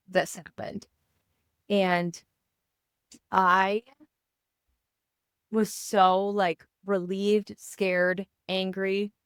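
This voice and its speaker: In a casual podcast chat, a thirtysomething woman co-host recounts a personal story with animation, performing the dialogue as she retells it. Her mid-range voice is clear and resonant, captured dry with studio quality.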